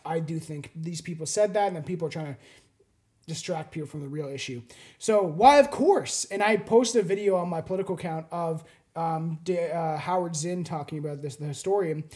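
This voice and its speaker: A Canadian man hosting a podcast, talking in a rambling, animated way and swearing casually. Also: fairly high pitch, fairly quick.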